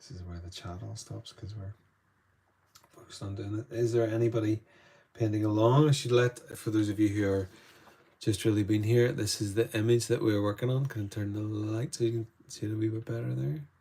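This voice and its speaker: A man's voice: fairly low pitch, fairly even intonation, a little fast, gravelly, dark tone. A Northern Irish man chatting loosely through a live painting lesson, greeting viewers between strokes. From Northern Ireland. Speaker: art tutor.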